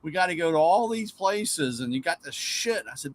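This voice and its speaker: A man's voice: on the high side, animated, moderate pace, hardly any pauses, slight background noise. A middle-aged man, host of a live car talk show, casually telling rambling stories about old cars and his dad, swearing and mimicking voices. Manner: rambling anecdotes, swears, acts out his dad's lines.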